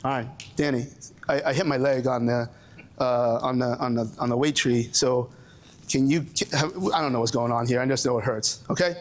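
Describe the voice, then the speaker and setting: A man putting on a casual Brooklyn guy talking to a friend, with a Brooklyn accent, dropping lower and looser. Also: fairly even intonation, a little fast, close to an everyday voice. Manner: low, loose, street-casual.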